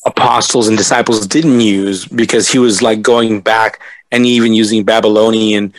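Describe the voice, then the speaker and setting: A man on a podcast panel, talking excitedly and stumbling over his words. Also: lowish voice, moderate pace, poor audio. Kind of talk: casual group chat.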